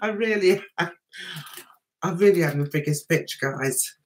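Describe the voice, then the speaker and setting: A woman hosting a casual livestream, telling stories in a chatty, animated way. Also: fairly low pitch, unhurried, slight background noise. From United Kingdom. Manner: chatty, animated storytelling with mimicked voices. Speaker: livestream host.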